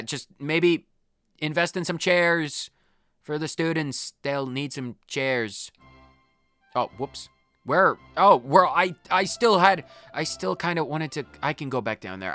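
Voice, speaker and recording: A man's voice: a little high, pushed and bright. A man, a gaming channel host, reading game dialogue aloud in a playful, theatrical way with stumbles and asides.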